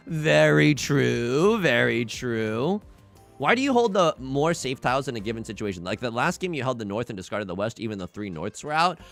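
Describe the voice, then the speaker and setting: A man streaming a game while casually chatting and answering chat, animated and self-deprecating. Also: fairly low pitch.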